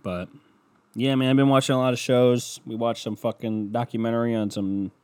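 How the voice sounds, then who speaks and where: A man's voice: medium pitch, steady tone, normal speed, a little mellow, clear, resonant tone. Profane, sarcastic young man ranting. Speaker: podcast host. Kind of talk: casual ranting podcast monologue. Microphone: podcast microphone.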